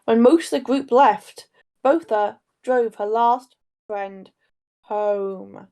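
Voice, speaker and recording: She talks slowly, her slightly high voice carrying a warm tone. A young co-host on a relaxed true crime podcast, she rambles and breaks into her own storytelling.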